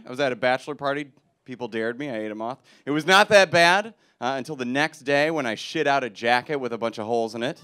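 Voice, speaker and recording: A young man from Milwaukee doing a stand-up comedy set on a club stage, deadpan and self-mocking, punching up the jokes. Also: medium pitch, fairly quick, clear, resonant tone.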